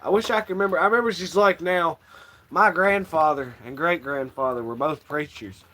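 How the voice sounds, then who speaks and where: A man's voice: a little high, a little fast, sharp tone. A man hosting a casual livestream, rambling and swearing freely and laughing often. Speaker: livestream host.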